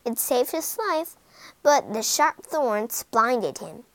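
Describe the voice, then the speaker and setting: Expressive woman reading a fairy tale. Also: a little high, takes it slowly, dry recording, rough recording. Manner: expressive, dramatic. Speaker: storyteller. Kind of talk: storybook narration.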